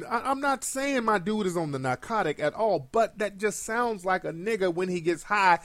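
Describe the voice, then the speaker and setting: Sex: male. Role: reaction commentator. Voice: high and very animated. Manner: profane, mocking. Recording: dry, close. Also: no room sound.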